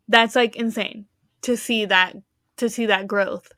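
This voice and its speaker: A woman's voice: mid-range voice, fairly even intonation, unhurried, pushed and bright, no echo, clean studio sound. A young woman co-hosting a podcast in casual chat, ranting with heavy swearing. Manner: profane, ranting, heated. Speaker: podcast co-host.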